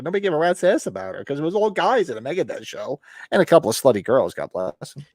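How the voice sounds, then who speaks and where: A middle-aged man tells wandering stories on a podcast and acts out the voices of the people in them. His voice sits a little high and moves up and down a lot. The recording is dry and close. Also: big pitch swings, fast, few pauses, no room sound. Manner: rambling anecdotes, acts out quotes. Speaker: podcast co-host. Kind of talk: casual chat.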